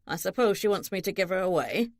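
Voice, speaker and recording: A woman voicing a forgetful, hard-of-hearing old father who grumbles and demands loudly. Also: high voice, fast, no room sound, clean studio sound. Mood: gruff. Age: older.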